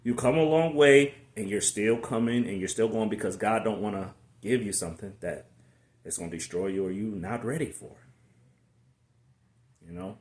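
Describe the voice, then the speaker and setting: A man giving a casual, preachy motivational faith talk to his channel in a relaxed conversational way with slangy asides. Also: fairly low pitch, moderate pace. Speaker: faith vlogger. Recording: echoey room.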